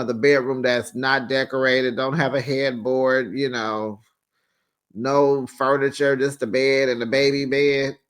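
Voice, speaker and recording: A man's voice: mid-range voice, fairly bright tone. A man hosting a casual reality TV recap, sassy and chatty, with lots of fillers and asides. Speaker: recap host.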